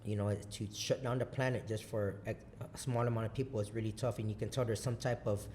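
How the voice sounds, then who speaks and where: Profane, animated man telling stories. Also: on the low side, fairly quick, slight background noise. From Guam. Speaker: podcast guest, business owner. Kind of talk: casual chat.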